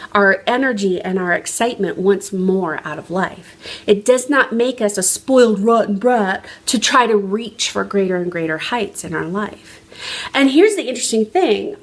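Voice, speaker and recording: A woman's voice: medium pitch, expressive, a little slow. A woman life coach giving an earnest, emphatic motivational talk on a phone livestream, often restarting her sentences. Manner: earnest, emphatic, frequent restarts, varying pace.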